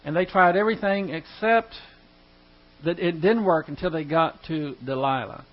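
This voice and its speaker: Male preacher, high voice, folksy joking Bible teaching; muffled lo-fi recording with hum. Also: normal speed. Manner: chatty, joking asides, reads scripture aloud. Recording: dull lo-fi recording with mains hum.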